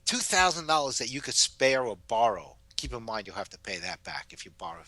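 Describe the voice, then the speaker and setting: Animated older New man. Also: mid-range voice, a little fast, no echo. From New York. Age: 70s. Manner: animated storyteller. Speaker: guest author. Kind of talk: casual interview advice.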